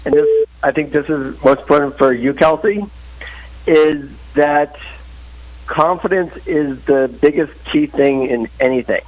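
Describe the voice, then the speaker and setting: A man phoning in to a live talk show, his voice sitting a little high for a man. He rambles earnestly through opinionated advice, restarting his sentences as he goes. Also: steady tone, unhurried, rough recording. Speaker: caller. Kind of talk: phone-in advice chat. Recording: live call line.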